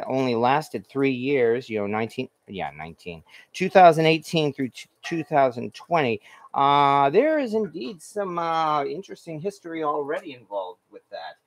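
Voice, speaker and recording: Guy rambling over his skillet at home, ums and restarts everywhere, mid-pitched voice, dry sound. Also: lively intonation, moderate pace, no echo. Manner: rambling, filler-heavy, self-correcting. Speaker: cooking show host. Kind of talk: casual cooking chat while reading comments. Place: home kitchen at the stove.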